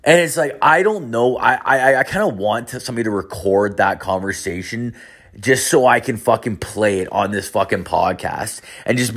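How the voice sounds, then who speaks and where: A man's voice: mid-range voice, fairly bright tone. A man in his thirties talking through a casual podcast monologue, wandering from thought to thought. He swears constantly and pokes fun at himself, restarting sentences as he goes. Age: 30s. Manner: rambling, heavily profane, self-mocking. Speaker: podcast host.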